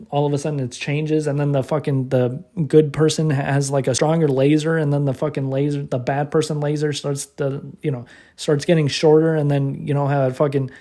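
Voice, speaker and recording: A man's voice: fairly high pitch, mellow. A man casually recapping a movie he watched, cursing often and rambling with lots of restarts and fillers. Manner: laughs while retelling. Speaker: movie reviewer.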